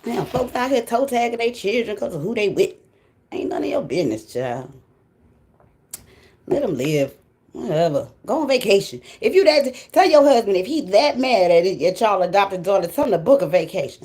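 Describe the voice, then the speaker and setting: A woman's voice: medium pitch, expressive, moderate pace, a little mellow. A woman who hosts a tarot channel, talking to viewers in a blunt, profane casual monologue and laughing often. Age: adult with grown children. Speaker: tarot reader and channel host.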